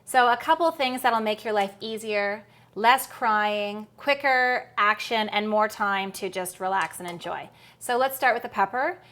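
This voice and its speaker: A woman's voice: medium pitch, a little slow, few pauses, a bit bright. A woman hosting a cooking demonstration, chatty and upbeat with playful asides. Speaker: cooking show host.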